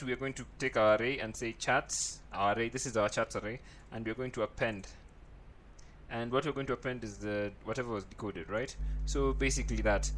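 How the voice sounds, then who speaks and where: A man's voice: mid-range voice, fairly bright tone, slight background noise. Man talking through code aloud. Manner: thinks aloud, frequent "right?" checks. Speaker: programming tutor. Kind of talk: screen-recorded coding tutorial.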